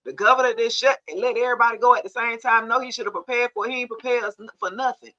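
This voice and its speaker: A woman's voice: fairly high pitch, fairly even intonation, very fast, sharp tone, highs cut off. Chatty woman on a livestream. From Georgia, USA. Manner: chatty, laughs often, greets viewers by name. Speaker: tarot reader hosting a livestream. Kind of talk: casual livestream chat with viewers.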